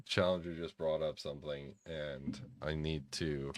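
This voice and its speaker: A man's voice: rumbling low, fairly even intonation, measured pace, background noise. A man chatting casually during a game, teasing his co-player in a dry way. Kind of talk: casual gameplay chat.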